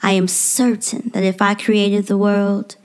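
A woman reading her own personal spoken-word piece in a measured, poetic delivery that drops to a soft near-whisper at the ends of lines. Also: mid-range voice, little pitch movement, smooth.

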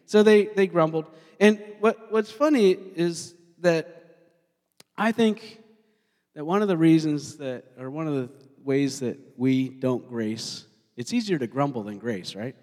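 Man, pastor, lively sermon, questions the congregation, church hall echo. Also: on the high side, measured pace. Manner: animated, asks the congregation questions. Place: church sanctuary. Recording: long hall reverb.

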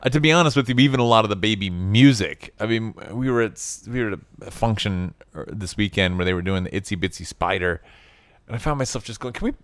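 A man's voice: lowish voice, quick pace, fairly bright tone, no echo. A man co-hosting a casual film podcast. He is blunt and opinionated and swears freely as he chats. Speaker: podcast co-host.

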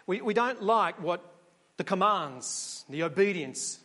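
A high-voiced male preacher delivers a sermon in a relaxed, storytelling manner. He keeps turning to the listeners with rhetorical questions. His voice rings on in a long hall reverb. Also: unhurried.

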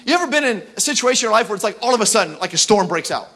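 A male pastor preaching a sermon to a church service, building to shouts and urging the congregation. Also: high voice, expressive, rapid-fire. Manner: preaching with rising shouts and call-and-response urging.

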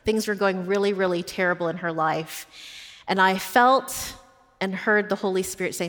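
A woman's voice: mid-range voice, normal speed. A woman pastor telling personal stories in a sermon, earnest and heartfelt. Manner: personal storytelling, warm and earnest. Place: church. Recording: long hall reverb.

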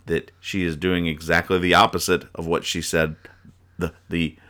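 A man hosting a casual podcast where he reads comic strips aloud, talking in a rambling, halting way and laughing at his own explanations. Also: low-pitched, flat delivery, bright, forceful tone. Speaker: podcast host.

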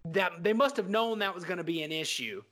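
A man co-hosting a casual film podcast, talking in an animated, profane way and acting out scenes. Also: high-pitched, fast talker. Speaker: podcast co-host.

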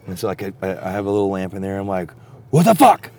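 A man telling a long story in a profane, rambling, casual way that turns animated when he gets excited. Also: low voice, very fast, slight background noise. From Texas.

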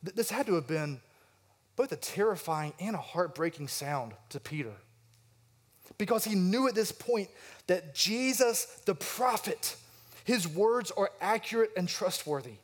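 A high-voiced man delivers a sermon, working through a passage verse by verse. He acts out the quoted lines with rising intensity and pauses to ask his listeners questions. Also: lively intonation. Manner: asks the congregation questions. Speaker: pastor.

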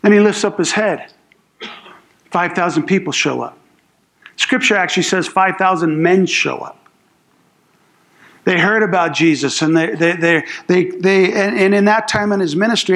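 A man's voice: high-pitched, a bit bright. A man preaching a sermon as a pastor, telling the story casually with slang and acting out what people say. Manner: acts out quoted speech in the story.

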